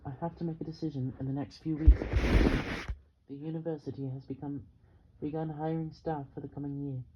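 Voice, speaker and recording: A man voicing a lonely, worried mother who speaks softly in a home audiobook reading. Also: fairly high pitch, level tone, fairly quick, highs cut off, background noise, lightly acted. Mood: pleading. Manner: soft, quiet delivery.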